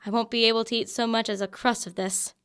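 Young woman doing a bright bossy student, higher pitched, audio drama. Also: fairly even intonation, smooth. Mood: lively. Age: young adult. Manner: bright, quick to bicker. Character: lively young woman student Lana in a frat house. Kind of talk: college audio theater acting.

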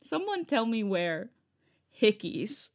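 Woman, young adult, podcast co-host, casual chat, animated pitch. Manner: lively reactions, quick to laugh.

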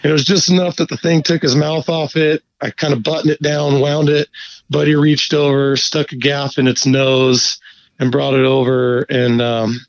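A man telling a fishing story in a laid-back, profane, animated way during a casual chat. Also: mid-range voice, moderate pace, dull audio. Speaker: guest angler.

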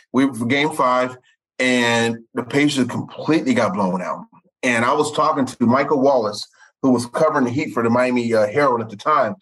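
A man in his forties, a sportswriter, telling stories in an animated way and tripping over repeated words. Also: poor audio. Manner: animated, repeats words, jumps up in pitch for quoted voices. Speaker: sportswriter guest. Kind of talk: storytelling in conversation.

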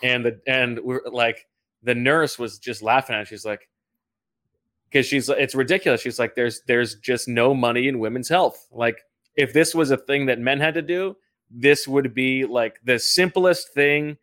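A man's voice: medium pitch, measured pace, a bit bright. A man on a sports podcast panel, chatting casually and rambling with lots of fillers.

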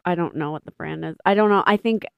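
A woman's voice: on the low side, fast, creaky, smooth, no room sound, dull audio. A woman co-hosting a podcast, chatting casually with lots of fillers and trailing sentences. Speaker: podcast co-host. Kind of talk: casual chat.

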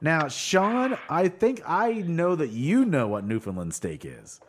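A man hosting a laid-back podcast, his pitch bouncing all over as he talks. He is from Oklahoma and tells stories in an animated, chatty way, often doubling back on his words. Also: measured pace. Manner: animated, laughs often, repeats words while talking. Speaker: podcast host. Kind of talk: casual podcast chat recapping a show.

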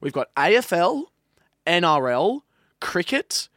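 A man's voice: sits high, very animated, takes it slowly, a bit bright, dry recording, clean studio sound. Man giving a sweary mock pep talk. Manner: mock-aggressive motivational speech with swearing. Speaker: podcast guest. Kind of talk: casual chat.

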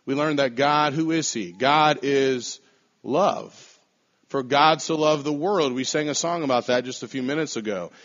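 A man preaching a sermon to a congregation in measured, emphatic phrases, slowing down to stress key words. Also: medium pitch, fairly bright tone. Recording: dull lo-fi sound.

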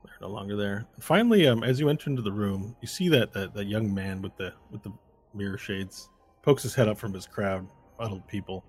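A man's voice: fairly low pitch, fairly quick, darkish tone, slightly rough, soft background music. A man narrating as game master of a tabletop game, rambling with many fillers.

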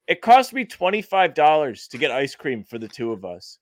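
A man's voice: on the high side, big pitch swings, fairly quick, no echo, clean studio sound. A young man co-hosting a podcast, bantering and complaining in a wry, casual way. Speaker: podcast co-host. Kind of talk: casual chat.

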